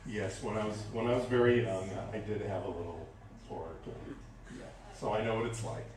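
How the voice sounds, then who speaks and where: A man's voice: on the low side, moderate pace, background noise, pitched below the performer's own voice, natural voice. A man voicing a sly, dry-humored male rabbi in a joke he tells during a sermon. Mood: wry. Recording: very echoey hall, distant mic.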